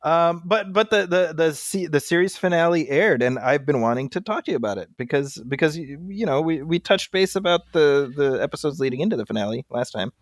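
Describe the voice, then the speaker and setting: A man chatting casually as a podcast co-host, his pitch swinging up and down as he tells a story. He rambles and restarts often. The sound is dry and close. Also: brisk, hardly any pauses, no room sound. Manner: rambling, animated, lots of fillers and restarts. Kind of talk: casual chat.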